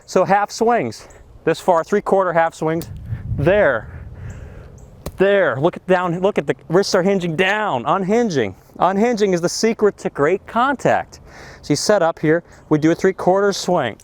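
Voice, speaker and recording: A man teaching golf outdoors on a practice area, talking to camera with excitable, exclamatory enthusiasm. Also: high voice, a little slow. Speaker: golf instructor. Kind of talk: energetic golf lesson to camera.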